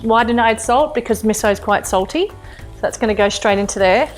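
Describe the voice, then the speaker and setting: A woman's voice: on the high side, a little fast. A woman hosting a casual cooking demonstration in her kitchen, chatty and gushing as she exclaims over the food. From Australia. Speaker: cooking show host, chef. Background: music and sizzling food.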